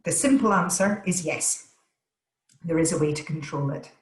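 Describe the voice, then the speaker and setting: A woman speaks as a voice coach, leaning hard on each word with energetic, deliberate emphasis. Her voice sits fairly low for a woman. The call sounds roomy, with a noticeable echo around her. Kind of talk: webinar Q and A answers. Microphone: video call.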